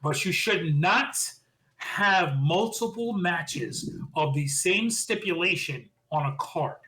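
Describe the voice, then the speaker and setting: A man co-hosting a podcast, casually recapping wrestling shows with animated opinions. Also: high voice, rough recording. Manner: animated, quick recapping with impressions of quotes. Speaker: podcast co-host.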